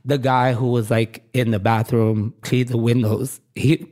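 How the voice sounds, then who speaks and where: A man's voice: mid-range voice, little pitch movement, measured pace, a little mellow. A man from Brooklyn chats in a candid, rambling way, his sentences full of fillers and restarts. He laughs easily and turns emotional when he talks about home. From Brooklyn, New York. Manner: gets emotional, laughs often. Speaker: fashion designer guest. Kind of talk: casual interview chat.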